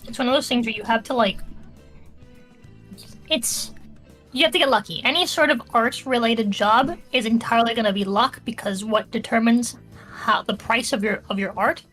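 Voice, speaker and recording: A woman's voice: a little high, moderate pace, a bit bright, faint music behind. A woman co-hosting a podcast, reading listener questions in casual chat, blunt and profane with a joking edge. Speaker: podcast co-host.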